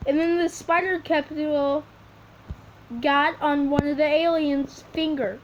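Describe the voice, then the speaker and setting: A woman making up a story as she draws, rambling and halting, with many restarts. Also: high-pitched, fairly even intonation. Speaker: video creator. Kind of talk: improvised storytelling while drawing. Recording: dull lo-fi recording with faint hiss.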